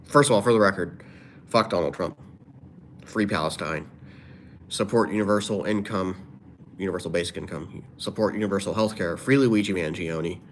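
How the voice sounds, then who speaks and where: A man's voice: sits low, normal speed, a little hiss or hum. A man livestreaming, reading viewers' comments aloud and answering them in a rambling, offhand way. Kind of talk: casual livestream chat.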